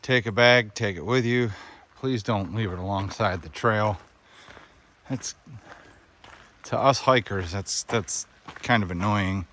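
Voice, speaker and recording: A man's voice: on the low side, takes it slowly, long pauses, a little hiss or hum. A man narrating a casual hiking vlog outdoors on a park trail, chatting to viewers as he walks. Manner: relaxed, chatty, talks to viewers while hiking. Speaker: hiking vlogger.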